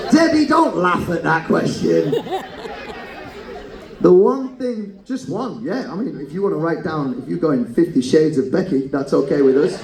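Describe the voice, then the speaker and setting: A man runs a cheeky live game show, firing off teasing banter between bursts of laughter. His voice sits slightly high and swings widely in pitch. The sound bounces around an echoey room, with the faint murmur of a crowd behind him. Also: very animated, slow pace, pauses often. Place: cruise ship show lounge.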